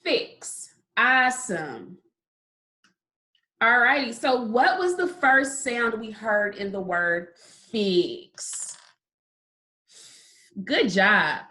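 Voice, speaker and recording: A woman teaching a phonics lesson to young children, sounding words out slowly and praising often. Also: a little high, very animated, sharp tone. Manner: slow, drawn-out sounding out of words; encouraging, repeated praise. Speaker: kindergarten teacher.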